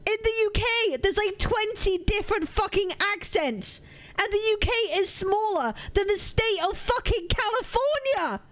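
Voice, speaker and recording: A young Welsh woman streaming live, chatting casually with frequent swearing and excitable, shouted rants. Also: extremely high pitch, moderate pace. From Wales.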